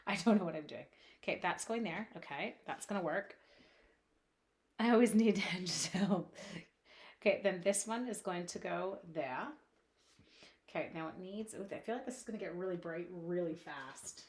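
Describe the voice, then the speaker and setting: A woman from Canada leading a live card-making demo, chatting playfully with viewers and thinking out loud as she works. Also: on the low side, moderate pace. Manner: chatty, playful, reads chat comments aloud, thinks out loud. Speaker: crafting demonstrator. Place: home craft space at a lake cottage at night.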